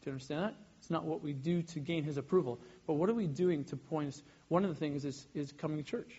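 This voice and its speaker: A man in his thirties, a pastor giving a sermon, animated and often breaking off mid-sentence to act out little scenes. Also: on the high side, fast talker, husky, lo-fi sound. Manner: animated, self-interrupting, acts out little scenes.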